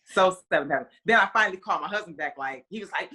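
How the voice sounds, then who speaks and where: A woman in her forties tells a story with a lower voice and a forceful, bright edge. She rambles with plenty of "you know" and "kinda," and breaks into livelier voices whenever she acts out what people said. The talk is a loose, chatty guest interview. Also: racing. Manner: animated, re-enacts conversations in quoted voices. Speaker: guest, mother of a player.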